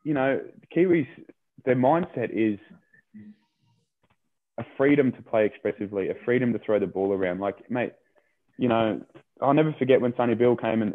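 An Australian man talks rugby in a loose, rambling way, stumbling over repeated words and dropping "mate" into his sentences. His voice sits a little low. The sound is thin and tinny, as if heard over a phone line. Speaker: rugby player guest. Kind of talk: casual interview chat.

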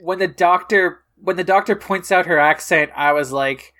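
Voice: medium pitch, normal speed, a bit bright. Giggly Canadian podcast co-host. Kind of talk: casual chat.

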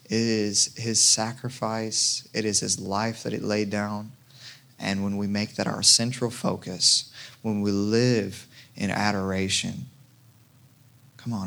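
A pastor preaching a casual, conversational sermon with jokes and frequent restarts. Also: male voice, lowish voice, little pitch movement, takes it slowly, vocal fry, a bit bright. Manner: conversational, jokey, many restarts.

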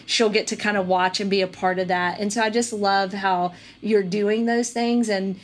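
A woman's voice: mid-range voice, steady tone. Earnest woman hosting a faith podcast. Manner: earnest, reads scripture aloud slowly. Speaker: podcast host. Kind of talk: faith-based conversation.

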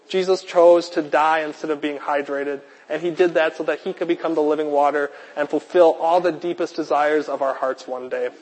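A man preaching a sermon with a repetitive, emphatic cadence. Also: fairly high pitch. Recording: long hall reverb.

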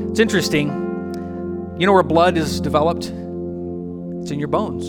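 A man preaching a sermon as pastor in a church, with rhythmic repetition and dramatic pauses. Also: fairly high pitch, fairly even intonation. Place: church sanctuary. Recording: long church hall reverb with faint music.

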